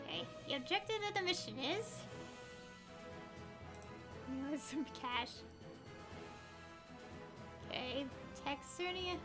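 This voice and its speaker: A woman streaming a game, reading its dialogue aloud with chatty, giggly asides. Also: high voice. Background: game music.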